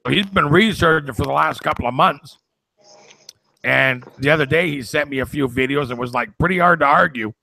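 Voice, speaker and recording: A man with a gravelly, forceful voice tells a story with earnest conviction, now and then sliding into a sermon-like push. The sound is dry and close. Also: on the high side, a little fast, dry recording. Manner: earnest storytelling, builds to preaching. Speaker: co-host. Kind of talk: casual chat, preachy at times.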